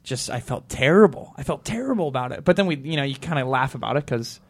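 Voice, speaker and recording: A man on a talk show telling rambling, animated anecdotes and acting out the quotes. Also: medium pitch, fast. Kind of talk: casual storytelling chat.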